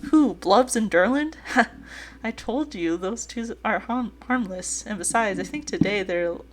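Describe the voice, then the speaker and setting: A woman's voice: medium pitch, animated, measured pace, close to an everyday voice. A woman voicing a folksy, joking older male boat owner with a light put-on Southern drawl while reading a dating game aloud. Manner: teasing, folksy storytelling.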